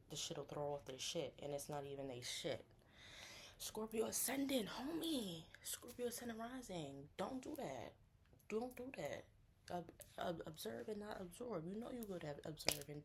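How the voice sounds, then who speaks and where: A woman chatting casually about astrology, animated and slangy, acting out friends in higher voices. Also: slight background noise. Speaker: astrology content creator. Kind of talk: casual chat.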